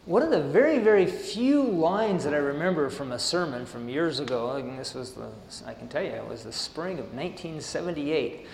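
A man with a high, animated voice reads scripture passages and riffs on them in a loose, conversational way. His sermon rings out in a big reverberant hall. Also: moderate pace, creaky, hardly any pauses, a little hiss or hum. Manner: reads passages then riffs casually with laughs and asides. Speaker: preacher. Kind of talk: sermon reading and commentary. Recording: roomy hall with long reverb.

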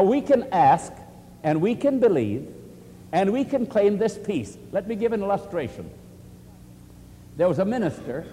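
A man preaching and answering questions, earnest and animated, often quoting scripture. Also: high voice, in a large hall, slight background noise. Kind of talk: sermon-style question and answer.

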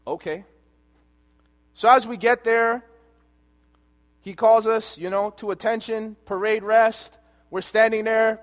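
Preacher guy telling a story, goes loud then quiet, kinda high voice, big echoey church. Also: a little slow, pauses often. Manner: animated storyteller, swings between loud and hushed. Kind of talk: sermon storytelling. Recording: long hall reverb.

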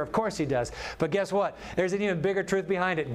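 Male pastor, sermon delivery, lively and story-driven, fairly high voice. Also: slight background noise. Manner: animated storytelling with sudden drops to soft, slow words.

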